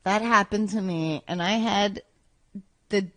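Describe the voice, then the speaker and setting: A woman telling a story on a podcast in a casual, animated way, acting out what people said. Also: medium pitch, measured pace. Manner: animated, acts out quoted lines. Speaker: podcast guest.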